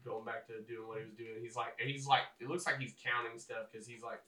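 A man's voice: mid-range voice, little pitch movement, brisk, sharp tone. A man narrating a tabletop game as game master, casual and rambling. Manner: casual, rambling, lots of fillers. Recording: roomy echo, mic at a distance.

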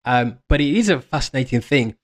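A man's voice: mid-range voice, animated, brisk. A man giving a casual fan explainer monologue, meandering and restarting mid-phrase with enthusiasm. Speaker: fan commentator.

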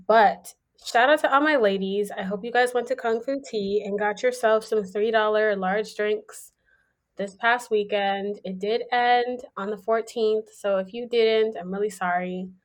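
A woman's voice: medium pitch, unhurried. A young woman from Houston, Texas, co-hosting a podcast in an upbeat, chatty way. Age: young adult. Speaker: podcast co-host. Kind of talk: casual chat.

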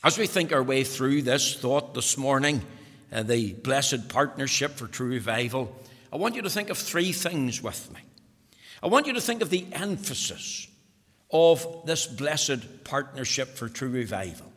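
A man's voice: medium pitch, expressive, a little slow, a bit bright. A man preaching a sermon in a church, earnest and emphatic, repeating words for stress. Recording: long hall reverb.

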